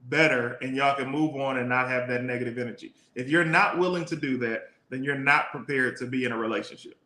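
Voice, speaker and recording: A man's voice: mid-range voice, steady tone, a little fast, sharp tone. A man co-hosting a podcast in casual chat, teasing and joking, firm when making a point. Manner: teasing, joking, speaks his mind firmly. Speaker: podcast co-host. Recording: echoey room.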